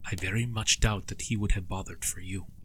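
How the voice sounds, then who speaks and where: A man doing Father Vadim, a gentle Romanian priest. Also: sits low, fairly even intonation, fairly quick, slight background noise, low-quality recording. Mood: grave, gentle. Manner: gentle, grave, apologetic. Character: kindly Romanian village priest, large, calm.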